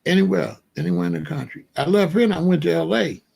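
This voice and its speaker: Gravelly husky-voiced man telling a story. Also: high-pitched, fast talker. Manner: animated storyteller, breaks into quoted dialogue. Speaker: commentary show host. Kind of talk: casual storytelling commentary.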